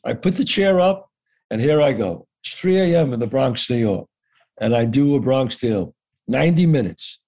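A man's voice: medium pitch, animated, moderate pace, darkish tone. A man telling a story as an interview guest, acting out the dialogue and swearing casually.

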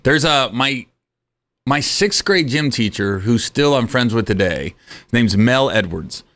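A comedian telling stories in casual chat, acting out the people in them and laughing often. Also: male voice, mid-range voice, expressive, measured pace, fairly bright tone.

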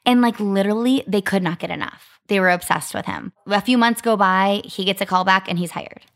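A woman's voice: mid-range voice, brisk. A woman in her thirties, co-hosting a podcast and telling a story in a chatty, casual way, full of "like.". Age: 30s. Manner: chatty, lots of "like" fillers. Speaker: podcast co-host.

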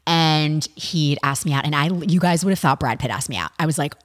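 Animated low-voiced woman telling stories. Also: brisk, big-room sound. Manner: animated, swearing, full of "like" and "literally". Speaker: podcast co-host. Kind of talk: casual storytelling chat.

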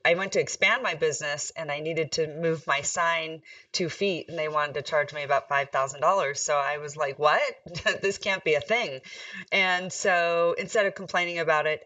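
A woman mayor from Nevada chatting in a casual interview, upbeat and quick to laugh. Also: low voice, a bit bright, dry recording, recorded from a distance, highs cut off. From Nevada, USA.

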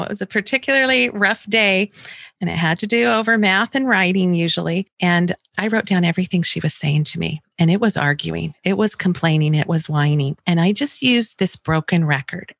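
A middle-aged woman and grandmother giving calm parenting advice, acting out a child's complaints and her own soft replies. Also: mid-range voice, dry recording, studio quality. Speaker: homeschooling parent coach.

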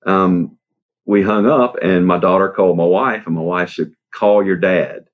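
A man interviewed as a guest, recounting events in a halting way, with fillers and soft laughs. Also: sits low. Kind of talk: interview storytelling. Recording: dull lo-fi sound.

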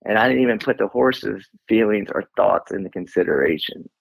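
A middle-aged man, an Air Force veteran, telling a personal story as a guest in a casual interview, animated and acting out his own lines. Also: lowish voice, fairly quick, gravelly, breathy edge, no room sound, rough recording. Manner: animated, acts out his own lines, laughs through emotion.

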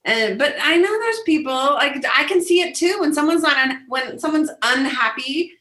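A woman guest speaking in a casual interview, animated and acting out quoted lines in a high voice. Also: normal speed, reverberant. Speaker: guest, business coach.

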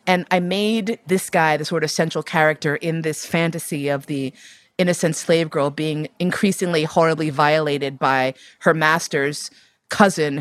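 Lower-pitched woman telling a frank, laughing story. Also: dry recording. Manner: animated, profane, laughs often. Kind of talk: candid personal storytelling.

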